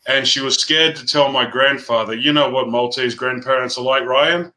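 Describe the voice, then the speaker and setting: Bright-voiced man telling a story. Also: mid-range voice, fairly even intonation, poor audio. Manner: earnest, halting, with frequent restarts. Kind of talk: personal storytelling in casual chat.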